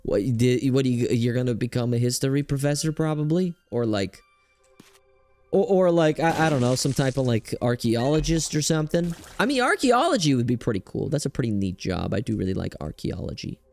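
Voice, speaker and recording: A young man giving casual gameplay commentary as a streamer, rambling and excitable with lots of fillers. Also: mid-range voice, a little fast, no echo, soft background music. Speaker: gaming streamer.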